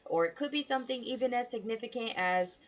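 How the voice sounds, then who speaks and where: A woman's voice: fairly high pitch, fast talker. A woman giving a casual tarot reading, talking bluntly and swearing freely in a chatty way. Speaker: tarot reader.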